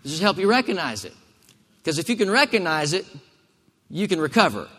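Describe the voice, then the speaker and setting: A man's voice: high voice, big pitch swings, brisk, a bit bright, long reverb tail. A male pastor preaching a sermon emphatically, calling for responses from the congregation.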